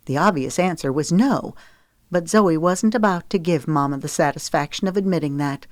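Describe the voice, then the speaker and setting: A woman narrating an audiobook in a steady, measured read. Her voice sits on the lower side, and the recording is dry and close with no room echo. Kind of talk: scripted narration.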